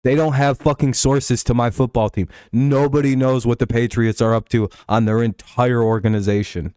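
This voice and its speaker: A man's voice: medium pitch, fairly even intonation, normal speed, a little mellow, clear, resonant tone, no room sound. A man hosting a casual sports commentary show, rambling and profane, laughing often between points. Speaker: show host.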